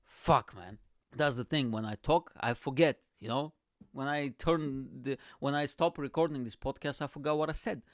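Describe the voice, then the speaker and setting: A man's voice: mid-range voice, moderate pace, dry recording, studio quality. A man from Bulgaria, hosting a casual solo podcast as an open-mic comic. He rambles, swears constantly and loses his train of thought.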